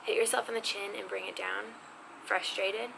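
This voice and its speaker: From her home, a woman with a gravelly-edged, medium-pitched voice gives a casual sign language lesson at a moderate pace. She's chatty, teases herself, and sometimes drops to a whisper, over steady background noise that includes a neighbor's faint music.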